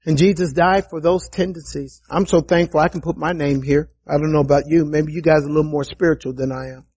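A man preaching a sermon in a conversational way, with asides to his listeners and a voice that climbs high for emphasis. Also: quick pace, husky. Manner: animated, rises high for emphasis and quoted voices; conversational, with restarts and asides to the congregation.

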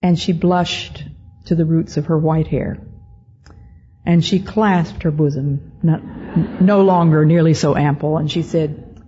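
An older woman giving a storytelling talk to an audience, speaking in a measured, deliberate way with frequent pauses. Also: low voice, fairly even intonation, dark tone, breathy edge, faint music behind. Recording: dull lo-fi recording.

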